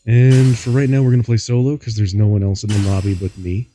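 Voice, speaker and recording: A man's voice: fairly low pitch, little pitch movement, a little fast, warm tone, soft background music. A goofy, giggly man hosting a laid-back gaming stream and rambling to chat, a bit tired from poor sleep. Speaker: streamer host. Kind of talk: casual chat while gaming.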